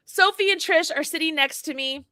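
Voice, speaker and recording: A woman's voice: extremely high pitch, normal speed, bright, forceful tone, no echo, studio quality. A woman co-hosting a casual livestream chat, animatedly telling a story and acting out both sides of it. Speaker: co-host. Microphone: livestream mic.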